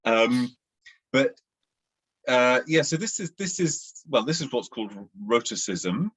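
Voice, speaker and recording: Husky-voiced Southern English man. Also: medium pitch, expressive, measured pace, a bit bright. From England. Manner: discursive, hesitant with fillers. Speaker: podcast co-host. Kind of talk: casual conversation.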